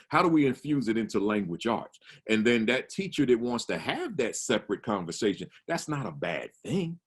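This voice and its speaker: Husky emphatic male principal. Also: fairly low pitch. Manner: emphatic, repeats words and restarts, stresses single words. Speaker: principal and keynote speaker. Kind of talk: conference talk. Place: home or office, virtual conference.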